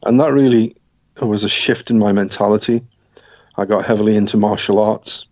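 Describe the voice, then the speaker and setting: A middle-aged man telling his life story as an interview guest, reflective, with soft laughs. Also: fairly low pitch, no room sound. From Scotland, raised partly in South Africa and England. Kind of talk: personal testimony in an interview. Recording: dull, lo-fi sound.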